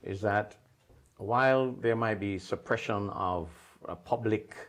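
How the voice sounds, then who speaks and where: A man's voice: on the low side, a little slow. A man from Jamaica hosting a TV studio interview, chatty and affirming. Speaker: TV interview host.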